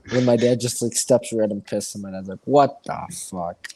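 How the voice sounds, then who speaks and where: A man's voice: lowish voice, fairly even intonation, quick pace, warm tone, slightly rough. A man co-hosting a casual podcast, telling laid-back, profane anecdotes with lots of fillers. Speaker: podcast co-host. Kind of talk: casual chat.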